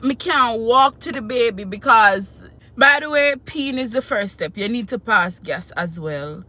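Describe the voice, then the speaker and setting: A woman, telling a personal story in a casual, animated and emotional way. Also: fairly high pitch, unhurried. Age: 20s. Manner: animated, emotional retelling with quoted voices. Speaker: vlogger.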